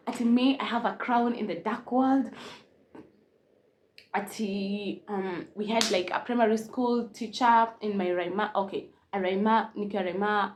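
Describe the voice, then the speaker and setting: Animated young Kenyan woman telling a story. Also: mid-range voice. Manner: animated, mixes Swahili and English, laughs often. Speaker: vlogger. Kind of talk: casual storytime.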